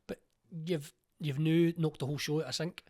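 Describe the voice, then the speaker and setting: A man with a Glaswegian accent, an actor telling stories in a casual interview and acting out the lines he quotes. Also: moderate pace. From Scotland. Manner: animated, acts out quotes with raised pitch. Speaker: actor and playwright, guest.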